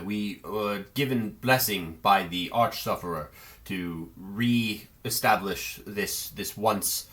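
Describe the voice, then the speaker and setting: A man's voice: lowish voice, a bit bright, close to an everyday voice. A man voicing an earnest, devout male paladin leader who speaks formally with frequent hesitations. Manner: formal, pious speech with frequent ums.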